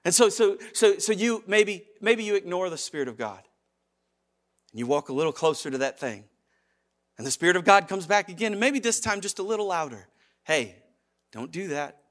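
A high-voiced man preaching to a congregation. He talks in a loose, conversational way, with animated stretches and sudden quiet, gentle asides. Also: fairly quick. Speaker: pastor. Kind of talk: sermon.

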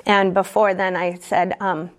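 A woman's voice: medium pitch, little pitch movement. Candid woman sharing her recovery story. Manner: candid and halting, with many fillers and restarts; earnest and emotionally open. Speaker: speaker sharing at a recovery meeting. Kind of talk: personal recovery testimony.

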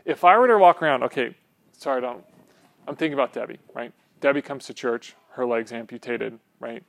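Gravelly man teaching a Bible class. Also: mid-range voice, a little fast, a bit bright. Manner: conversational, peppered with "right?" tags and restarts.

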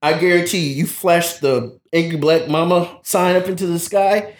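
High-voiced man spinning a comic story. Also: normal speed. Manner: animated storyteller, laughs often. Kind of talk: casual comedic chat. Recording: roomy echo.

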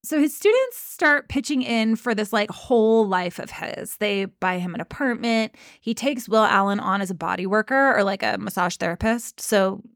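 A woman co-hosting a podcast in casual chat, telling a story with casual swearing and animated quoting. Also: medium pitch, moderate pace, creaky, few pauses, no echo, clean studio sound. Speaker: podcast co-host.

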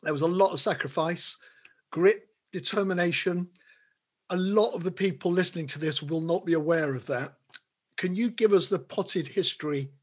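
A man's voice: high-pitched, moderate pace, husky. A man co-hosting a podcast, asking a guest questions in an easygoing, joking way. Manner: easygoing, asks questions with light jokes. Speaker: podcast co-host. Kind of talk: casual interview.

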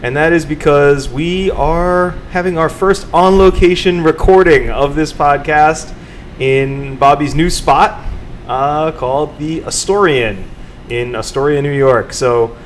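A man's voice: fairly high pitch, a little slow, a little hiss or hum. A man hosting a podcast in a casual, chatty, upbeat way, joking as he goes. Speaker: podcast host.

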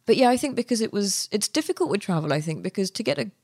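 A young woman, a guest author, telling her story in a relaxed interview, chatty with many fillers and restarts. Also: mid-range voice, fast, vocal fry, dry recording, clean studio sound.

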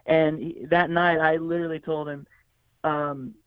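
A man's voice: a little high, flat delivery, measured pace, smooth, no room sound. A man telling stories in an interview as a guest musician, rambling with many fillers and restarts and acting out what people said. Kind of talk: conversational storytelling interview. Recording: tinny phone-like line, dry.

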